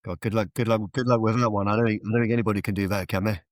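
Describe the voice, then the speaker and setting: Low-voiced retired British army general. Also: male voice, steady tone, rapid-fire, no room sound. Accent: British English. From England. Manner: talks in tag questions, repeats words as he starts. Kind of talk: casual conversational interview.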